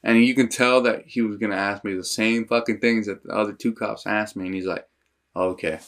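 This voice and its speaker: Low-voiced young man telling street stories. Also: brisk. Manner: profane storytelling, slangy and animated when quoting others. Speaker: podcast co-host. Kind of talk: casual podcast chat.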